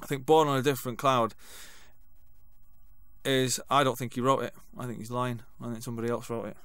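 A man's voice: mid-range voice, little pitch movement, a little fast, a bit bright, clear, resonant tone, dry recording. A man chatting in an interview, dry and sardonic, swearing as he teases. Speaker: band member and songwriter. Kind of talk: casual interview chat.

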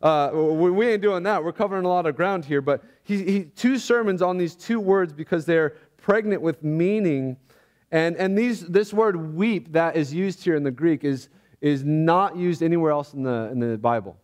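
An earnest man preaching in church, his voice sitting a little higher than most men's. He speaks reflectively, often halting and restarting as he works through his thoughts. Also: a little mellow. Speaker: pastor. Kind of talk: sermon.

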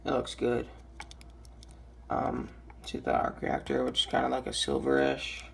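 Raspy, gravelly-voiced young man. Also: medium pitch, sing-song, measured pace, a bit bright, a little hiss or hum. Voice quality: raspy, just woke up. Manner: hesitant, many ums and restarts. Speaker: toy reviewer. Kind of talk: casual product review.

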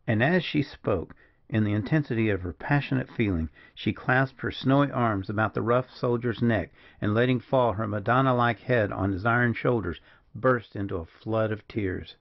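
A man reading a classic western novel aloud in a measured storytelling narration. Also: lowish voice, creaky, dull audio. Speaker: audiobook narrator. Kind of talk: scripted narration.

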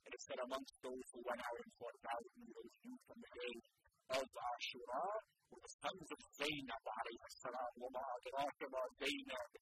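A man's voice: a little high, wildly swooping pitch, rapid-fire. A man delivering an impassioned Muharram sermon, recounting a tragic story with growing intensity. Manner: impassioned, rising in loudness as the story builds. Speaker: sheikh. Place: mosque hall in the UK. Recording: loud background noise.

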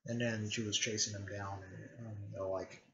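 A man with a fairly low voice talks through a story recap in a loose, meandering way, stopping for fillers and repeated throat clearing. The recording is dull and lo-fi. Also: level tone, fairly bright tone. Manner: halting, full of fillers and frequent throat clearing. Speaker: video creator recapping a fan series. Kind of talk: rambling casual recap.

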